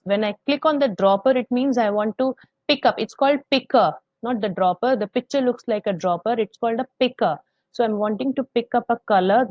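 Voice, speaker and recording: A woman teaching a software tutorial, patiently explaining each step as she goes. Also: mid-range voice, no room sound, muffled recording. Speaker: coding teacher. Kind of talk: screen-recorded software tutorial.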